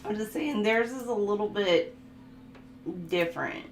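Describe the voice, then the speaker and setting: A woman's voice: medium pitch, measured pace, pauses often, over loud music. A woman tarot reader in casual chat, laughing often and telling stories with animation. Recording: echoey room.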